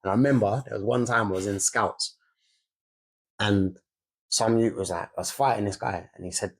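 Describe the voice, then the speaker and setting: A man's voice: fairly low pitch, moderate pace, husky. A young man, co-hosting a candid podcast about fatherhood and swearing freely as he talks. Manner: swears freely, re-enacts scenes loudly. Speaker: podcast co-host.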